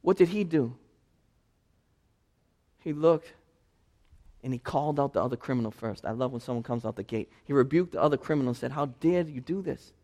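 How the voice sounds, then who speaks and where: A male pastor preaching a sermon, telling personal stories and building to loud, passionate preaching. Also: mid-range voice, brisk, pauses often.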